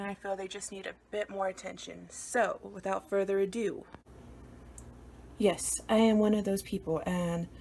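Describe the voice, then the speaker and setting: A woman's voice: medium pitch, darkish tone. Woman, casual vlog, kitchen recipe talk, playful, jokey asides. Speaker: home cooking vlogger. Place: home kitchen.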